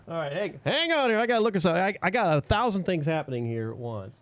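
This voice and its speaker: A man co-hosting a live radio show in casual chat, animated, laughing and rambling between asides. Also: high-pitched, fairly quick, dry recording. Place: small radio studio.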